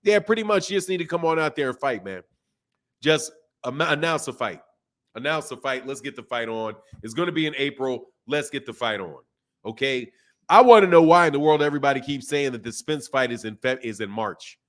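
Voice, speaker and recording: A man's voice: medium pitch, expressive, fairly quick, fairly bright tone. A man hosting a boxing livestream, talking loosely and casually in slang with frequent restarts while reading out viewer chats. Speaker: boxing channel host.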